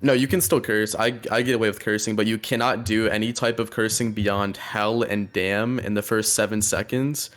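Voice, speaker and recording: A young man guesting on a stream, talking in a relaxed, dismissive, rambling way with lots of fillers. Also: fairly low pitch, moderate pace, few pauses. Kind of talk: casual stream chat.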